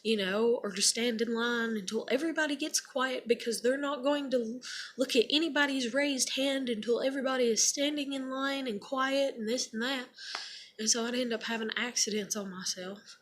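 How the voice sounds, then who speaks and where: Her voice fairly high and a bit bright, moving at a moderate pace, a young woman vlogger shares a personal story with some background noise. It's casual and blunt, full of swearing and rambling, thick with "like" and "you know."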